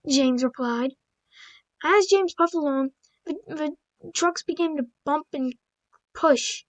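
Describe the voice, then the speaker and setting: High-voiced woman reading stories, stumbling. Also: slow pace, pauses often, low-quality recording. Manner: stumbles over words, breaks off for blunt asides. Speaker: video creator. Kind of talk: reading stories aloud with casual commentary.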